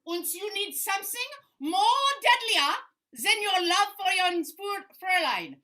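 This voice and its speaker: Bright, high woman playing a sly shopkeeper. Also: sing-song, unhurried. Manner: sly, hushed shopkeeper character. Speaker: improv player. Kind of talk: improv comedy scene.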